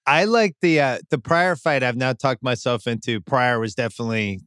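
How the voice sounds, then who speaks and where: A man's voice: medium pitch, moderate pace, a bit bright, clean tone, no echo, clean studio sound. A man hosting a podcast interview, talking in a chatty way with rambling asides. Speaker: podcast host. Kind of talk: casual interview conversation.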